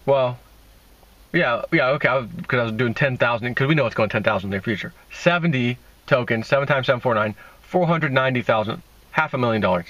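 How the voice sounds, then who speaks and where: A man's voice: medium pitch, a little fast, a bit bright, dry recording, muffled recording. A man hosting a casual crypto video, talking in a sarcastic, mocking, rambling way. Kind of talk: casual opinion monologue.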